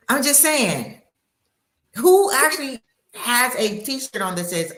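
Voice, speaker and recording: A woman's voice: a little high, very animated, slow, pauses often, a bit bright. A woman on a discussion panel who talks in a colloquial, playful way and acts out quotes. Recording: echoey room.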